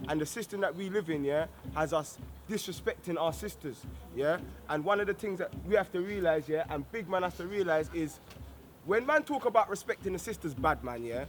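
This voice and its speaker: Man, raised pitch, earnest slang-heavy speaker at a street gathering. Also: a little hiss or hum. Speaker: community speaker.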